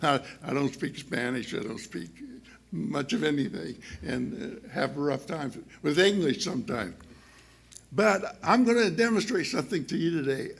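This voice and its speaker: Male church speaker, gravelly, relaxed sermon delivery full of ums and restarts. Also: on the high side. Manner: chatty, halting with many fillers and restarts; laughs often while speaking.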